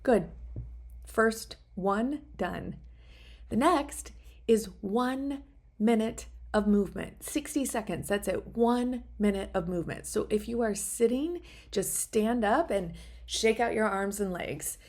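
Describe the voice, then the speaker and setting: A woman's voice: mid-range voice, takes it slowly, a little mellow. A middle-aged woman hosting a podcast, leading listeners through a short wellness exercise in an upbeat, encouraging way, often checking in with "right?". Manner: upbeat, encouraging, narrates her own actions; frequent "right?" tag questions. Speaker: podcast host. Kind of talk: guided wellness talk.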